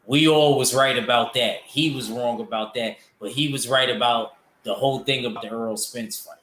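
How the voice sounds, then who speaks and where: A man's voice: medium pitch, fairly even intonation, moderate pace, a bit bright, echoey room, a little hiss or hum. A man hosting a casual boxing livestream, rambling loosely and answering his chat. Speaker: boxing show host reading chat.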